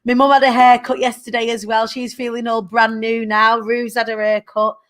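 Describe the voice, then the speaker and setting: Lively woman host, 30s, playful live-stream chatter, slightly high voice. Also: moderate pace. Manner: bubbly, chatty, playful, laughs often. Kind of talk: live-stream chat with viewers.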